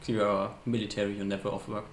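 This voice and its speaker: A man's voice: lowish voice, level tone, quick pace, a crowd in the background. A man narrating a tabletop game as game master, hesitant and often searching for words. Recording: echoey room, faint hiss.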